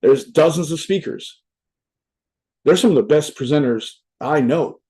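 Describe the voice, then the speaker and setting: A young adult man with a slightly high, warm voice speaks at a measured pace, delivering a casual motivational talk at a virtual event through a talk mic. He rambles, swears, and fills his speech with "right?" asides.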